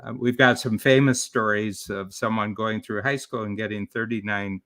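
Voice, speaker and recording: A man's voice: fairly low pitch, fairly even intonation, normal speed, fairly bright tone. A man talking as a business coach and author in a live-streamed interview, explaining his ideas in a rambling way with many restarts.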